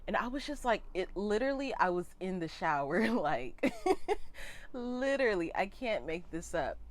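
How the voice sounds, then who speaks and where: A woman's voice: mid-range voice, sing-song, normal speed. A young woman telling a personal story to camera, emotional and repeating words for emphasis. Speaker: vlogger.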